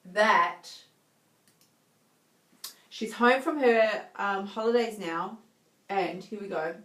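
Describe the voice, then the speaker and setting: Brief: woman coach, casual live-stream chat, giggly and encouraging, mid-pitched voice. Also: a bit bright. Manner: laughs often, chatty and encouraging. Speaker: online health coach.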